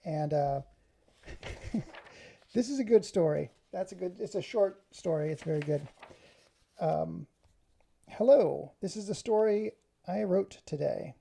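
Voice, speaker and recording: A man's voice: high-pitched, slow pace, vocal fry, long pauses, dark tone, a little hiss or hum. A man talking casually to the camera in a rambling, self-deprecating way. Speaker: vlogger.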